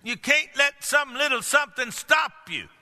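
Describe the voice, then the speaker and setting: An older man preaching a sermon, swinging between loud outbursts and low hushed lines. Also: lively intonation, normal speed. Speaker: pastor. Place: large church hall. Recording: long hall reverb.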